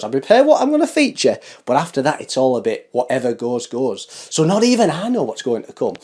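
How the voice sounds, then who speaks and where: A man's voice: on the high side, mellow. A man hosting a fashion show, chatting to camera in a playful, camp, teasing way and speaking into a studio microphone. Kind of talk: casual chat to camera. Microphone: studio microphone with foam cover.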